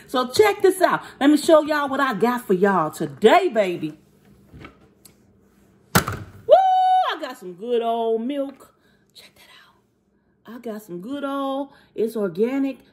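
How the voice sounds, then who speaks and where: Bubbly woman, food vlogger, kid-like play, somewhat high voice. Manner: bubbly, playful, talks straight to viewers; pretends to be a seven-year-old kid. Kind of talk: playful food review vlog.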